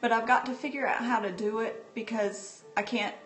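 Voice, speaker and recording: A woman's voice: a little high, fairly even intonation, a bit bright, soft background music. A woman from North Carolina chatting casually with livestream viewers from home on a handheld phone, often laughing as she talks. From North Carolina, USA. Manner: chatty and unhurried, laughs often while talking. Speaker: livestream host. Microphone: phone or tablet held by the speaker. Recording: roomy livestream phone audio.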